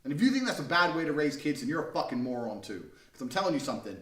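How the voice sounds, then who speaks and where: A man's voice: fairly high pitch, very animated, rapid-fire. A young man ranting to camera in a vlog, aggressive, profane and contemptuous. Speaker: vlogger. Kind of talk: ranting monologue. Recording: roomy, mic at a distance.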